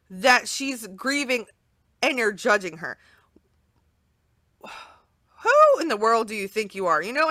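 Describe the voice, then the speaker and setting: A woman, a guest in an interview, telling an emotional personal story in an earnest, animated way, repeating phrases for emphasis. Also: a little high, no room sound.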